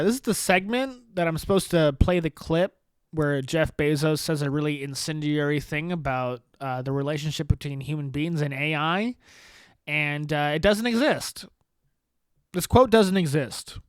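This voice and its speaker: A man's voice: fairly high pitch, lively intonation, normal speed, no room sound. A man hosting a solo podcast, talking in a sarcastic, profane ranting commentary. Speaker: podcast host.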